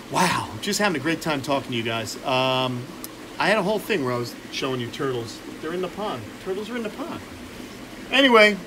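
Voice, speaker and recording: With background noise around him, a high-voiced man hosts a relaxed outdoor live stream next to a pond for his reptile channel. He jokes around in an upbeat mood and reads comments from viewers aloud.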